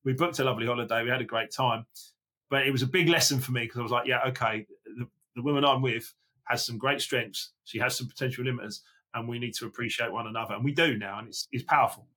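A podcast guest tells quick, animated stories about his own life. His voice is bright and forward, with a husky edge. He acts out his own quoted lines as he talks. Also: medium pitch. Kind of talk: casual conversational storytelling.

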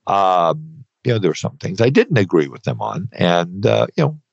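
A gravelly, low, sing-song voice belongs to a man in his fifties who is an accountant and hosts an advice podcast. At a moderate pace he speaks earnestly and with emphasis, repeating his points with "okay". The podcast audio is dry and slightly dull, with no echo.

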